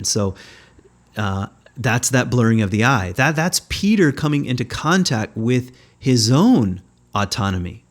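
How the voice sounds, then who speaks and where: Podcast host, male, lowish voice, thoughtful conversational spiritual teacher who pauses to find his words. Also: expressive. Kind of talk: reflective spiritual teaching talk.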